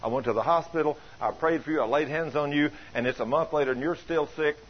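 An older man preaching a folksy sermon, telling stories with chuckles and plain colloquial grammar, with a husky voice. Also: fairly high pitch, quick pace. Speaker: pastor. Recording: dull lo-fi sound.

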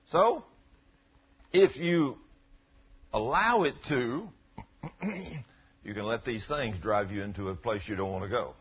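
A man's voice: mid-range voice, lively intonation, a little slow, pauses often, husky. A middle-aged male pastor preaching in a folksy, earnest, conversational way and quoting scripture, in a dull lo-fi recording. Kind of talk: conversational sermon.

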